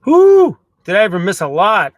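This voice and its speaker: Canadian guy, livestream host, higher-pitched, rambling and casual, dry close sound. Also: normal speed, a bit bright, no echo. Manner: chatty, loose, frequent fillers and apologies. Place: inside a camper van.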